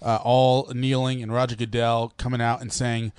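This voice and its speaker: A man's voice: medium pitch, flat delivery, normal speed, a little mellow, clear, resonant tone, no echo. A man co-hosting a casual sports and politics podcast, steering the talk with questions. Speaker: podcast co-host and producer.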